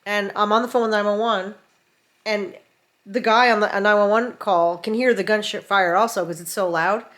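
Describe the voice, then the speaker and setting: A middle-aged woman vlogger telling a story from home in a casual, animated way, acting out what people said. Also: mid-range voice, normal speed. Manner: animated, acts out quotes. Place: home in rural mountains.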